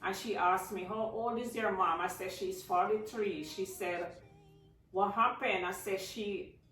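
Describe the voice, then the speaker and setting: A woman's voice: mid-range voice, fairly even intonation, a little slow, fairly bright tone. A woman from Jamaica, telling a personal story to her viewers in a casual, emotional way and calling them guys. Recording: echoey room, mic at a distance, faint music.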